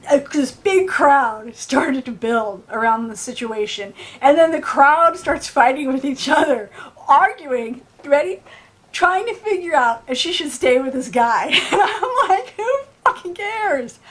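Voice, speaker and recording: A woman vlogging at home, telling a story animatedly and acting out the people in it with raised voices. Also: sits high. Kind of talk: casual storytelling to camera. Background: dog at home.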